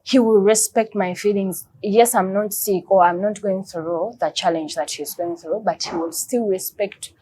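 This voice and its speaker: Speaking as an interview guest about her husband's illness, a woman talks earnestly and emotionally, often repeating words as she searches for what to say next. Her mellow, medium-pitched voice holds a steady tone at normal speed with few pauses.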